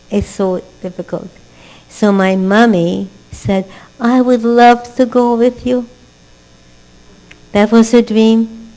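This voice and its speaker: An older woman with a dark-toned voice gives a Torah class in the style of a sermon, posing rhetorical questions, working in a family story, and rising to emphatic exhortations. She is a religious teacher, and the audio is poor, with a low mains hum underneath.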